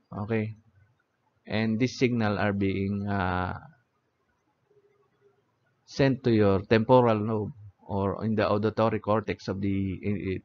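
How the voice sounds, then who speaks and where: Slow, low-voiced teacher lecturing. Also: male voice. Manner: repeats "okay?" and "no?" checking on listeners. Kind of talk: lecture on anatomy. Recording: dull lo-fi audio.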